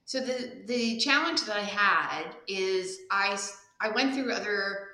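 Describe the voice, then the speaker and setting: Animated woman guest, bright and echoey. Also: mid-range voice, measured pace. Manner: candid, animated when retelling, laughs often. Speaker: guest speaker and coach. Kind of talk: casual interview storytelling.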